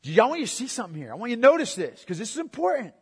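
A man preaching a sermon with emphatic delivery. He repeats key words and moves between loud proclamation and quiet, intimate asides. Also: extremely high pitch, big pitch swings, very fast, slightly rough. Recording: long hall reverb.

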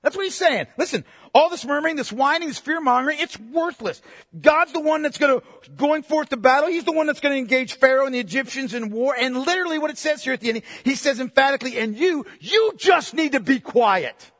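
A man preaching a sermon and reading scripture aloud, emphatic and at times shouting, slowing down to stress words. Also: very high voice, no room sound, long reverb tail.

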